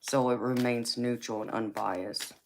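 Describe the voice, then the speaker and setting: A woman hosting a tarot live stream with a raspy voice. She answers viewers in a casual, forthright way and calls them baby and honey. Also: very deep voice, fairly even intonation, measured pace. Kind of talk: casual live-stream chat reading comments. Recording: clear background noise.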